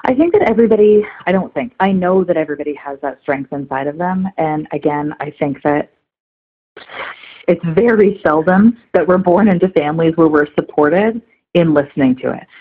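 A woman in her thirties talks through a thin, phone-like line, her voice a little husky and breathy. She speaks earnestly and reflectively, often reaching for casual fillers as she thinks aloud. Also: sits low, lively intonation, normal speed. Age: 30s. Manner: earnest, reflective, heavy use of "like". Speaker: guest. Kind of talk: candid conversational interview.

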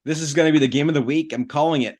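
A man co-hosting a sports podcast, making bold, animated predictions in casual talk. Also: on the high side, very fast. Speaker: podcast co-host.

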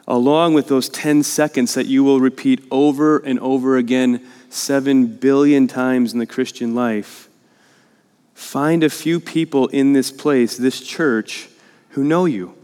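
A man's voice: medium pitch, darkish tone, in a large hall. A male pastor preaching a sermon in a church, earnest and conversational, often checking in with "right?" and growing emphatic as he pleads. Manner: grows emphatic and urgent in pleading passages. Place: church sanctuary.

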